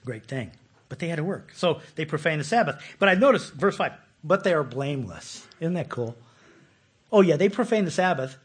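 A man teaching a sermon in a loose, talky way, full of asides and questions for the room. His voice sits a little high for a man and has a husky grain. The delivery is lively and informal. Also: a little fast. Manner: conversational, animated, often asks listeners questions. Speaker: pastor.

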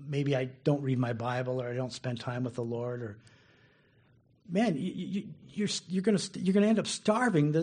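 A man's voice: on the high side, darkish tone. A man preaching a casual, conversational sermon who laughs often and repeats words as he goes. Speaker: pastor.

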